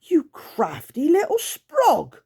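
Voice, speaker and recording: A woman reading aloud, voicing a growling, croaking male monster who leads a gang. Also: high-pitched, huge pitch swings, slow pace, warm tone, voice pushed up, exaggerated voice. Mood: snarling. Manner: growling, croaking, spitting words.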